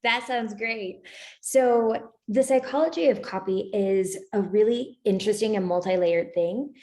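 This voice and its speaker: A woman joins an online panel as a guest over a video call and explains her ideas in a measured way. Her voice is warm and mellow, with a middle pitch.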